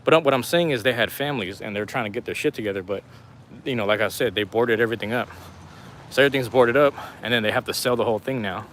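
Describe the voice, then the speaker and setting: A man talks into his phone while he walks a rainy city street on a live stream, drifting easily from thought to thought in relaxed slang. His voice sits at an ordinary pitch and sounds slightly worn. Faint street and traffic noise runs underneath. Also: fast talker. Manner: laid-back, rambling street talk with slang. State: losing his voice. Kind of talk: casual walking live stream. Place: outdoors on a city street in the rain.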